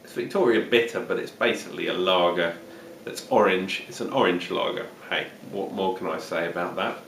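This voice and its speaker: A man's voice: sits low, fairly quick, creaky, fairly bright tone, a little hiss or hum. A man talking in a put-on Australian accent, chatting casually and jokily through a beer review with plenty of fillers. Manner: chatty, jokey, rambling with fillers. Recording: roomy, distant home-video sound.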